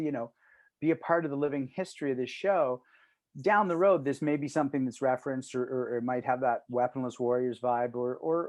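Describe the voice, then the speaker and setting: A man's voice: medium pitch, darkish tone, dry recording. A middle-aged man co-hosting a martial arts talk show over a video call, earnest and rambling, swearing freely. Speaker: podcast co-host. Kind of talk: casual chat.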